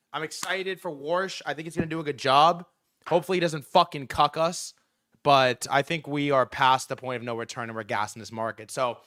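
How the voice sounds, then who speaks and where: Excitable man with a higher voice. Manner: excitable, profane, rambling with fillers. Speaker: livestream host. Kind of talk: casual livestream talk about markets.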